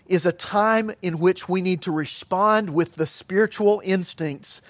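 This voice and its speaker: High-voiced man preaching a sermon. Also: dry recording. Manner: earnest, emphatic preaching with measured pauses. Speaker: pastor.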